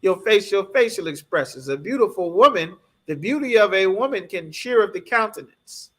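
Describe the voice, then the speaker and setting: A man's voice: sits high, animated, normal speed, fairly bright tone. A man teaching a scripture class in an emphatic preaching manner, often checking in with his listeners. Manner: emphatic, keeps asking "you understand?".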